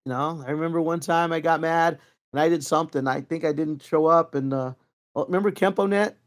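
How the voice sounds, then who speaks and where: A man's voice: on the high side, fairly quick. A middle-aged man telling training stories in a casual, rambling way, full of fillers and restarts. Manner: rambling, lively anecdotes with many fillers. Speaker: interview guest, Kempo practitioner. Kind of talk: casual storytelling.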